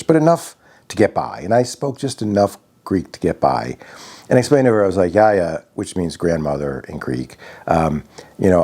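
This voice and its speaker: A man from Connecticut telling a personal story in a reflective, halting way, often restarting his sentences. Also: sits low, a little mellow. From Connecticut, USA.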